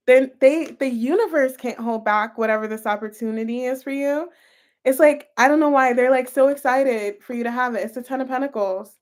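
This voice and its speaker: A woman giving a casual tarot reading to camera, chatty and gushing, talking straight to her viewers. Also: fairly high pitch. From United States. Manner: gushing, chatty, full of "like" and "you guys". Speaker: tarot reader.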